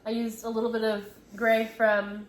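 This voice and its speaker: A woman's voice: on the high side, flat delivery, moderate pace, a little hiss or hum. A young woman co-hosting a podcast, chatting casually and rambling a bit with fillers, sounding congested. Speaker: podcast co-host. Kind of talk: casual chat. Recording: roomy home recording.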